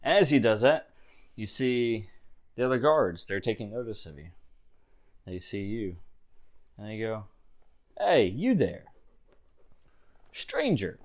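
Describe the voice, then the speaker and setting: Low-voiced man narrating a tabletop game. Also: unhurried, long pauses. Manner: relaxed, laughs often. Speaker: game master.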